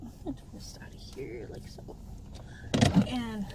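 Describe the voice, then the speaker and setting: A woman's voice: a little high, very animated, a little slow. Chatty young woman vlogging from her car. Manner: chatty, swears casually, rambling asides. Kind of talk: casual vlog chat while driving. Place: inside a car while driving. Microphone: phone mounted in the car. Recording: car noise clearly behind. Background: road and engine noise.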